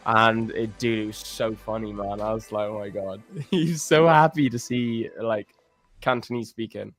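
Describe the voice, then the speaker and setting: A young British man co-hosting a live trading stream in casual chat, animated and laughing often. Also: lowish voice, moderate pace, faint music behind. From Britain.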